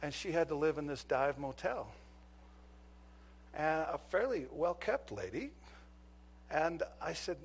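Brief: fifties male preacher, ex-cop storyteller, slightly high voice, dramatic swings between loud and hushed. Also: very animated, unhurried, long pauses, breathy edge. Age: 50s. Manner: dramatic storytelling, acts out dialogue, swings from shouting to near-whisper. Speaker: preacher and former police officer. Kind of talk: sermon with storytelling.

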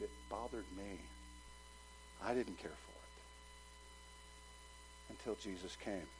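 A male pastor preaching a sermon, swinging from loud urging to low, quick asides. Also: slight background noise, rough recording.

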